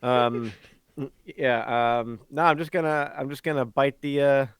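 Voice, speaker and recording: A man's voice: mid-range voice, steady tone, a little slow, clean tone, no room sound, clean studio sound. A man playing a tabletop game, giggly and hesitant, with many fillers. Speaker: player. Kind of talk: casual tabletop play.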